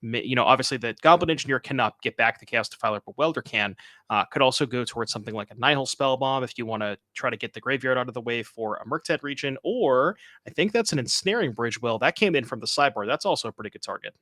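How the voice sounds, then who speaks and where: A man's voice: medium pitch, expressive, fast, sharp tone, dry recording. An American man co-commentating a card game tournament, walking through plays and deck options with laid-back analysis.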